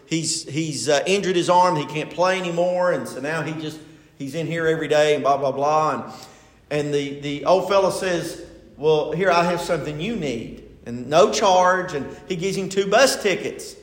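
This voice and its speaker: A man's voice: on the high side, normal speed. An older man preaching a sermon as pastor, retelling a story in a folksy, conversational way. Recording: echoey hall.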